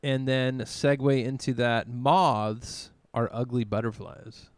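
A young man co-hosting a casual podcast, blunt and profane, laughing often and delivering bleak jokes flatly. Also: mid-range voice, slow pace, no room sound, clean studio sound. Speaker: podcast co-host. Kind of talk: casual crude banter.

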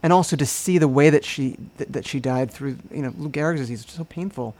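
A man hosting an interview, soft-spoken and hesitant, repeating words as he frames his questions. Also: fairly high pitch, fast. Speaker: interviewer, host.

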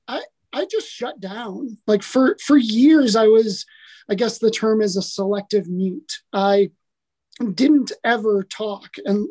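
Earnest, mellow-voiced Midwestern-raised man. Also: sits high. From Milwaukee, Wisconsin, USA. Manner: earnest and animated, with frequent restarts. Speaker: podcast guest, author and coach. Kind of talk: casual personal testimony in an interview.

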